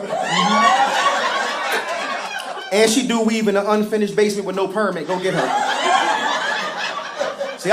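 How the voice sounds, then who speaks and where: High lively guy doing standup, roomy club sound, crowd laughing behind him. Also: very noisy. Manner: profane, animated, acts out other people's voices. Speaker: stand-up comedian. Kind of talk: live stand-up comedy. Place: comedy stage before a laughing audience.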